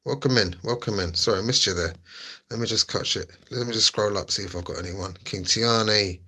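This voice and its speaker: A man's voice: on the low side, brisk, pushed and bright. A young man hosting a livestream, chatting casually and joking as he reads out viewer messages. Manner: laid-back, jokey, reads chat aloud. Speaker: livestream host.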